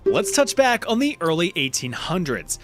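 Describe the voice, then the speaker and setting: Wry male history narrator, lively pitch. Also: moderate pace, music in the background. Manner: wry, jokey storytelling. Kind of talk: scripted narration.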